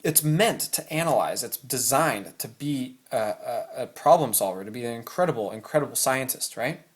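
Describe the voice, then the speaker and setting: A man's voice: mid-range voice, normal speed. A man talking casually and animatedly to camera about choosing your thoughts, at home. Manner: animated, acts out anxious inner thoughts. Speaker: self-help vlogger. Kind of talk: casual motivational talk to camera. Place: room at home.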